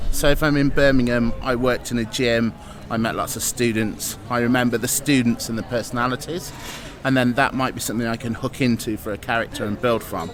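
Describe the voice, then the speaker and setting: A man answers questions in an earnest, reflective way. His pitch sits in the middle range. He was recorded outdoors in a town. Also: fairly bright tone. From England. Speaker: improviser and presenter. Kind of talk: interview answers.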